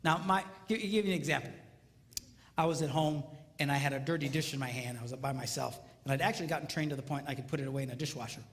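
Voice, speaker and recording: A man's voice: mid-range voice, fast. A middle-aged man giving a comedic marriage seminar on stage before a live audience, acting out voices and sounds as he tells stories. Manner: animated, acts out voices and sounds mid-story. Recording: reverberant live hall, faint noise.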